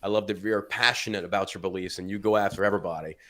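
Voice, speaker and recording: A man's voice: sits low, steady tone, very fast, fairly bright tone. A man speaking as a podcast guest in casual chat, talking emphatically and acting out quotes. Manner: emphatic, swears, acts out quotes.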